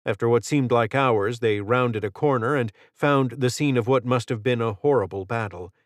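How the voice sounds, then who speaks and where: A man reading an audiobook narration in a steady, measured way. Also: medium pitch, no echo. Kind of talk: scripted narration.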